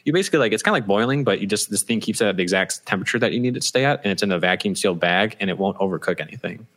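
A man's voice: fairly low pitch, expressive, very fast, fairly bright tone. A man co-hosting a casual podcast, rambling and joking and swearing freely. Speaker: podcast co-host.

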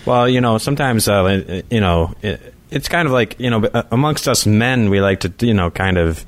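A man's voice: fairly low pitch, expressive, moderate pace. A man on a podcast chatting casually, rambling with many fillers. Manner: rambling, full of "you know" and "like". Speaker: podcast co-host.

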